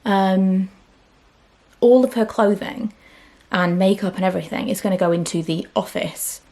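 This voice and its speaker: A woman's voice: medium pitch, fairly even intonation, moderate pace, creaky, warm tone. A woman in her thirties chatting candidly to camera in a home vlog, sometimes dropping to a whisper. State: out of breath. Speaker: vlogger. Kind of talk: casual chat to camera.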